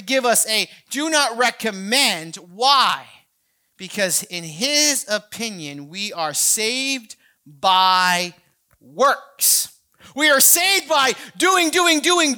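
A woman pastor with a high, bright, ringing voice delivers a sermon. She talks to the congregation in a chatty way, trips over and repeats her words, then climbs into loud, fervent bursts. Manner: conversational preaching that builds to shouting; frequent restarts and repeated words.

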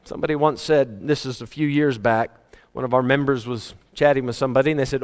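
A man preaching a sermon to his congregation, emphatic and animated, with joking asides. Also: mid-range voice, fast talker. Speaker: pastor. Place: church hall. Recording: reverberant church hall.

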